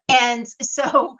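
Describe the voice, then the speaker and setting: A woman in her forties, a tarot reader guesting on an interview, telling a story with excitement and frequent laughter. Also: sits high, slightly rough, no room sound, highs cut off. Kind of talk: casual interview chat.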